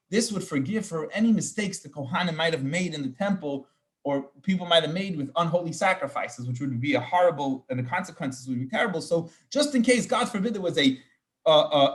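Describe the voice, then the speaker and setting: A man, a rabbi, teaching an informal Torah class, explaining verses with Hebrew terms and frequent restarts. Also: fairly high pitch.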